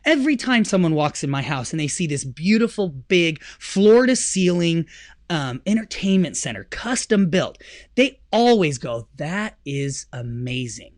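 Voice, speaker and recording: A man in his thirties hosting a business talk show, telling a home story in a lively, animated way and acting out the people he quotes. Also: moderate pace, no echo, studio quality. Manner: animated, acts out quotes with big pitch jumps. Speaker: podcast host. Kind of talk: casual storytelling chat.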